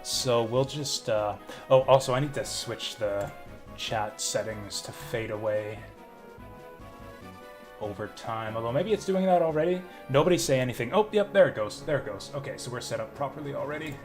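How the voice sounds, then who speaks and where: A man's voice: mid-range voice, normal speed, soft background music. A man streaming a game from home, chatting casually and ranting bluntly with plenty of swearing. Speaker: livestreamer playing games. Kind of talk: casual live-stream commentary.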